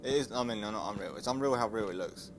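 Brief: panicky young gamer, swearing, muttering, yelling at scares, faint hiss behind. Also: male voice, lowish voice, fast. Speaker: gaming YouTuber. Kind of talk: frightened horror game playthrough.

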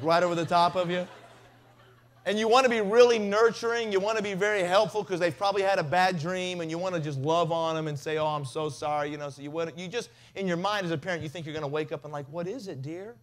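A man preaching a revival sermon, telling stories with big swings from loud to hushed. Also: high voice. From Tennessee. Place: revival tent.

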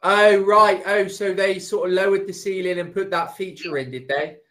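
Easygoing man, slightly high voice. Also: steady tone, moderate pace, fairly bright tone. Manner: easygoing, reassuring. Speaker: conversation tutor. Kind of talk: casual chat.

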